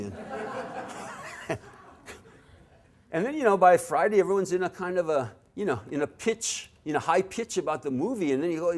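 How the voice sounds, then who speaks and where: A man teaching a dharma talk to a live audience at a meditation center, animated and acting out little quoted scenes. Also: high voice, a little fast. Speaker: spiritual teacher.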